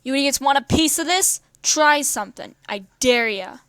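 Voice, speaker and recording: A woman's voice: a little high, moderate pace, bright, forceful tone, no echo, studio quality. A woman voicing a feisty, cocky young woman in a read-aloud fan story. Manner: cocky, breezy. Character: feisty young woman, college student, fighter.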